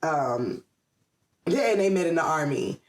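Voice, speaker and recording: A woman's voice: low voice, lively intonation, measured pace, darkish tone, reverberant. A middle-aged woman from the Atlanta area, chatting as a guest in an interview, with lots of ums and frequent laughs. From Atlanta area, USA. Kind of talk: casual interview chat.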